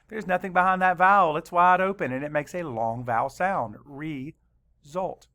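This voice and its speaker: A male teacher leading a spelling lesson for children, spelling words slowly letter by letter and adding dry asides. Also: fairly high pitch, a bit bright.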